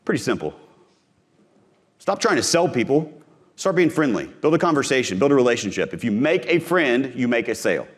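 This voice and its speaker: A man's voice: medium pitch, big pitch swings, a little fast, long pauses. A man from Missouri giving a live conference talk on sales, punchy and direct, repeating his key phrases and speaking straight to the audience. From Missouri, USA.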